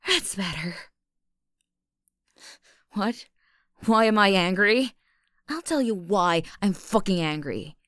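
A young woman taunts the listener in an audio role-play, mocking, aggressive and full of swearing. She speaks slowly, with a pitch that rises and falls sharply. Her voice sits close and dry on the mic. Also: expressive, fairly bright tone, dry recording. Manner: aggressive, mocking, profane bully.

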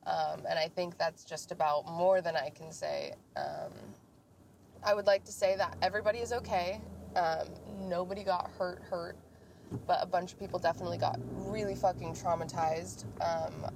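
A woman's voice: on the low side, moderate pace, vocal fry, a little mellow. A young woman hosting a casual podcast while driving, rambling and swearing freely as she vents. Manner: profane, venting, rambling. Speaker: podcast host. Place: inside a car in the rain. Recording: noisy car interior.

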